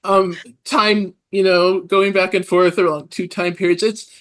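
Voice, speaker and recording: This woman co-hosts a relaxed podcast interview. She speaks in a middle pitch and sounds eager, heaping praise on the book. Her talk is warm and full of enthusiasm. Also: a little slow. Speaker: podcast co-host.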